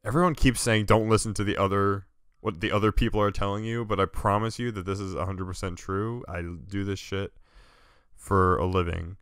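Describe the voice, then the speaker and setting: A young American man with a low, smooth, resonant voice co-hosts a casual podcast over a remote call. He explains news at length in an animated, profane way. The audio is dry and close. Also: normal speed, no echo. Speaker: podcast co-host. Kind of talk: casual political chat.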